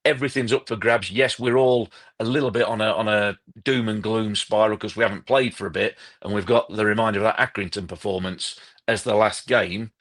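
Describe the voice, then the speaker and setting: A man co-hosts a live fan podcast and talks things through in a measured, thinking-aloud way. His voice sits a little lower than most men's, and he often restarts a phrase as he finds his words. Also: steady tone, a bit bright. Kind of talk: casual live podcast chat.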